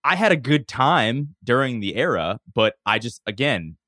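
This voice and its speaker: A man's voice: mid-range voice, very animated, normal speed, pushed and bright, dry recording, studio quality. A man on a sports podcast, making his point in an emphatic, joking way. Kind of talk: casual sports talk.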